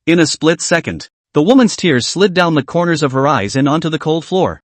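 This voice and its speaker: A man's voice: a little high, expressive, brisk, hardly any pauses, no echo. A man narrating a fantasy story recap in a dramatic reading style.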